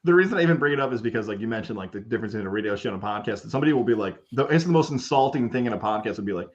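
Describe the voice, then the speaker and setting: A man co-hosting a sports talk show, talking fast with a lively, bouncing pitch. His voice comes through dull and lo-fi. He keeps tossing in sarcastic asides. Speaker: radio show co-host. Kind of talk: casual sports talk chat.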